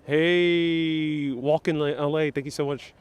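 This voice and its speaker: A New York City man hosts a casual outdoor live-stream walking tour through city streets, chatting playfully and answering viewers' comments. His fairly high voice is slow, clear and resonant with fairly even intonation, picked up on a wireless clip-on mic.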